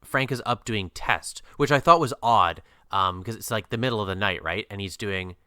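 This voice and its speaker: Low-ish guy with a bright clear voice, rambling film podcast chat, lots of uh and um. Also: normal speed, dry recording. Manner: rambling with many "uh" and "um" restarts, dry asides. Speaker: podcast co-host. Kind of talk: casual film discussion.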